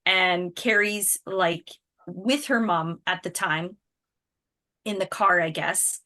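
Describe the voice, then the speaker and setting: A woman's voice: fairly low pitch, takes it slowly, pushed and bright. Woman, 30s, team leader. Chatty motivational talk, laughs a lot, restarts sentences.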